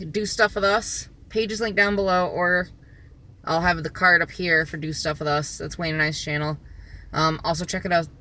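A woman chatting casually in a vlog, rambling along with lots of filler pauses, filming herself on a phone outdoors. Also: low voice, sharp tone, a little hiss or hum. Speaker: vlogger. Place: outdoors in the sun.

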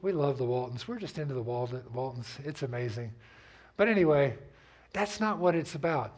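A man's voice: medium pitch, lively intonation, normal speed. A man preaching a sermon as pastor, telling stories in a conversational way and asking the congregation to repeat after him. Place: church sanctuary.

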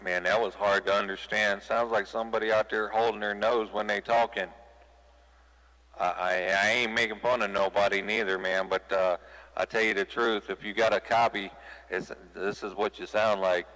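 A folksy man talking casually over a CB radio, his low voice bright and forceful. He speaks plainly and hands out friendly advice, and a long reverb trails after his words. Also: steady tone, normal speed. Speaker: CB radio operator.

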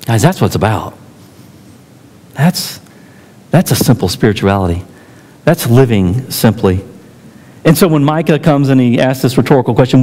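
A man preaching in a church, telling a story and breaking into quoted voices with deliberate pauses. His pitch swings widely from phrase to phrase. The sound carries a long hall reverb. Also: lively intonation, darkish tone. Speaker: pastor. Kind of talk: sermon. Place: church sanctuary.

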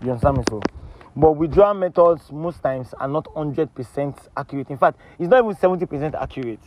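A man with a Nigerian Pidgin accent hosting a comic street skit, loud and theatrical, teasing and repeating himself. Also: fairly high pitch, fast talker, dull audio, slight background noise. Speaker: street interviewer.

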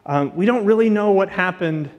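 A man's voice: high-pitched, moderate pace, a little mellow, lo-fi sound. A man giving a casual, chatty sermon as a guest teacher, full of asides and fillers. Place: church auditorium. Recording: long church reverb.

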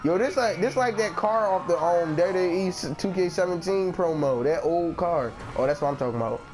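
A man's voice: sits high, moderate pace, over music. A man hosting a casual gaming session with friends, joking around and laughing a lot. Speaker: gaming channel host.

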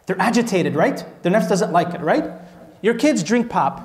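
A man from Minnesota delivers an Islamic talk in a high-pitched voice. He speaks conversationally, peppering listeners with rhetorical questions and light jokes. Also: normal speed. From Minnesota, USA. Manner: asks the audience rhetorical questions, animated and joking. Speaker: sheikh giving a lecture.

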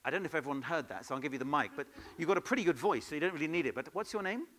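A man leading an improv workshop at a conference, in a lively, playful way, throwing questions to the audience. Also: on the high side, racing. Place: conference hall.

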